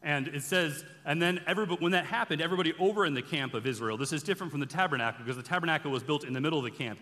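A man giving an animated sermon-style bible teaching, telling the stories casually and acting out the characters' lines. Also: on the high side, racing. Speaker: preacher. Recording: long reverb from a large hall.

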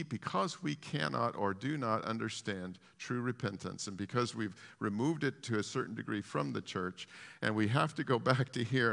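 Gravelly impassioned male preacher. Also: mid-range voice, normal speed, long reverb tail. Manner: impassioned, swings from hushed to loud emphatic peaks; repetitive, restarting phrases. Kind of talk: sermon.

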